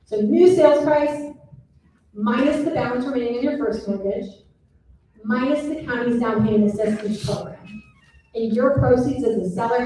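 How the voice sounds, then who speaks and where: A woman's voice: fairly high pitch, warm tone. Woman presenting in an echoey room. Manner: explanatory, checks in with "okay?". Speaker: mortgage lender presenter. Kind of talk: seminar presentation. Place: seminar room. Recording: echoey room, mic far off, faint noise.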